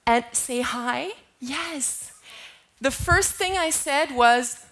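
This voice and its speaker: A woman's voice: fairly high pitch, slow pace, a bit bright. A woman giving a conference keynote talk in a lecture hall, often asking the audience questions. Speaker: keynote speaker.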